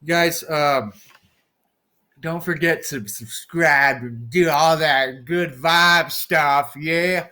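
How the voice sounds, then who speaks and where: A man's voice: fairly high pitch, very slow, sharp tone. A man vlogging to his viewers, rambling goofily and freestyling rhymes off the top of his head. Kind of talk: rambling freestyle vlog chat.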